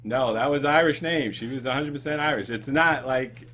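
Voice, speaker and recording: A man's voice: medium pitch, normal speed, a bit bright. A man hosting a casual comedy chat show, rambling with ums and laughs. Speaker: show host.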